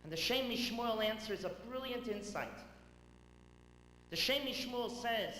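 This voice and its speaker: A man, a rabbi, giving a tribute speech at a banquet, telling stories with dramatic swings between loud and hushed delivery. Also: very high-pitched, a little slow, pauses often. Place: large banquet hall. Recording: echoey hall with faint hum.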